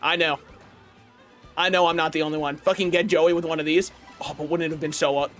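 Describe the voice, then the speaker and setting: A man streaming a racing game live, commentating with excitable, profane banter toward the other players and chat. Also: fairly high pitch, a little fast. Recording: faint game music behind.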